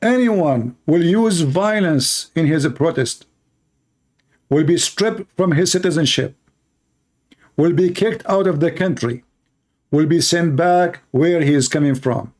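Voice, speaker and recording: A man's voice: on the high side, animated, measured pace, darkish tone. Emphatic man hammering short repeated phrases. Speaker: channel host. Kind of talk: impassioned monologue.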